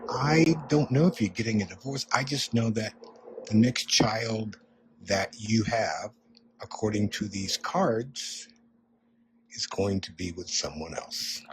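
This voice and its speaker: A man acting out a calm, matter-of-fact female tarot card reader, speaking gently but insistently in a fairly low voice. He stays close to his own storytelling voice while quoting her. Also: slow pace, a little hiss or hum.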